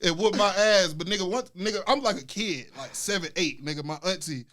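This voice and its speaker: A young man hosting a casual chat, telling animated stories and loudly acting out quotes. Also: high voice, fairly quick. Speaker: podcast host.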